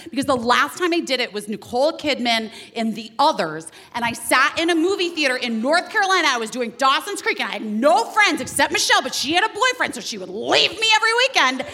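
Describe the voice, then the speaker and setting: A podcast host in her forties, with a high, sharp-toned voice, tells a story in casual chat. She laughs, swears freely and acts out what people said.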